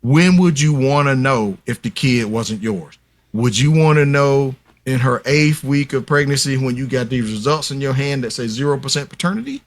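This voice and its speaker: A man explains things at length as a podcast guest. He speaks emphatically, in a lecturing way, and often addresses the listeners directly. His voice sits at a middling pitch. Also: moderate pace. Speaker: guest expert on paternity fraud.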